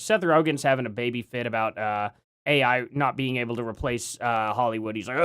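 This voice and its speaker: A man's voice: fairly high pitch, a bit bright, smooth, dry recording, clean studio sound. A man hosting a live stream, chatting casually and rambling as he reacts to his chat, often laughing.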